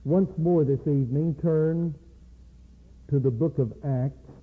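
A man preaching an evening sermon in a slow, measured way, with deliberate emphasis. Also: on the high side, slightly rough. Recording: tinny phone-like lo-fi recording.

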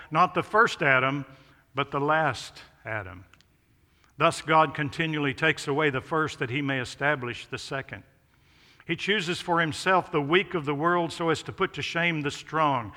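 A man's voice: fairly high pitch, pushed and bright. A man preaching an expository sermon, stressing contrasts with rising emphasis. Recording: long hall reverb.

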